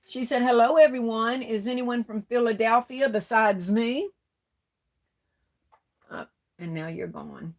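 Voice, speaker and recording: A woman's voice: fairly high pitch, a little slow, darkish tone. A middle-aged woman hosting a livestream, reading viewers' comments and greeting each by name as sweetheart and baby, saying y'all. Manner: Southern-style speech with y'all. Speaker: livestream host reading chat. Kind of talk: casual live-stream chat.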